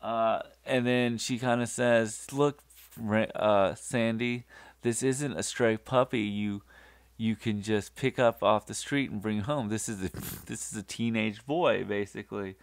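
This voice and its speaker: Male podcast host, low gravelly voice, unhurried, halting casual recap. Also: fairly even intonation, no echo. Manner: halting, many fillers and restarts.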